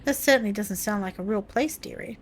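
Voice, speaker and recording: A woman's voice: medium pitch, a little fast, a little hiss or hum, lightly acted. A woman voicing an evasive late-middle-aged librarian in a game, speaking in a sugary way and calling people dearie, with game music behind. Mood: coy.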